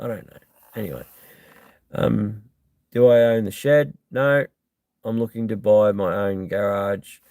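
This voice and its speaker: A laid-back Australian man talks off the cuff on a live stream in a low, gravelly voice. He is blunt and dotted with ums as he works through viewer comments, and the recording is dry and close. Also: a little mellow, no room sound. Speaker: live stream host answering chat. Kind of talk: casual live-stream chat.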